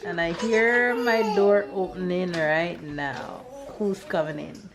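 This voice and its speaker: A woman's voice: on the low side, slow pace, noisy background. A Jamaican woman in her thirties, a mother narrating a casual family vlog from her kitchen, playfully quizzing her kids in a sing-song way. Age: 30s. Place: home kitchen.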